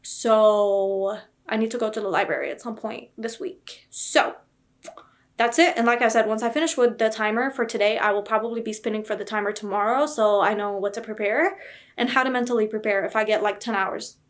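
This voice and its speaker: Talking to camera fairly quickly in a medium-pitched voice, this young woman runs a casual reading vlog about books. She's upset and near tears, rambling, emphatic, repetitive and casually profane.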